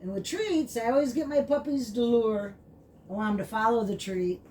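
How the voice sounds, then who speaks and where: A woman explaining puppy training in a casual, chatty way, full of fillers, switching to high baby talk for the dog. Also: brisk, mellow. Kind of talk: casual vlog narration. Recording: distant mic with clear background noise.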